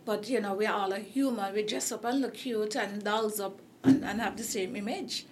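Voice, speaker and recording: A woman's voice: medium pitch, moderate pace, heavy background noise. A woman with a Caribbean accent hosting a casual interview chat, rambling with many fillers and restarts while she is losing her voice. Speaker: host.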